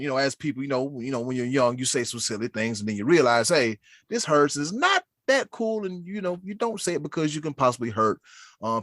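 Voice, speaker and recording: A man's voice: medium pitch, no room sound, studio quality. A man co-hosting a sports podcast in casual, playful chat, full of catchphrases. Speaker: podcast co-host.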